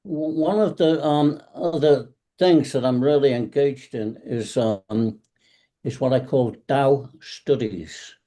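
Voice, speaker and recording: A man's voice: mid-range voice, slow, warm tone. A man who teaches tai chi and qigong, chatting on a video call in a rambling, anecdotal way and acting out the lines of the people he talks about. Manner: rambling, anecdotal, acts out cab drivers' lines. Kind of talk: casual online panel talk.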